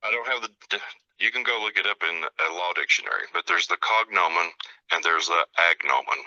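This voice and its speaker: Deep-voiced guy, very bright tone, hesitant, dry muffled audio. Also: brisk, no echo. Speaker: discussion participant. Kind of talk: explaining legal terms. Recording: dry, dull lo-fi call audio.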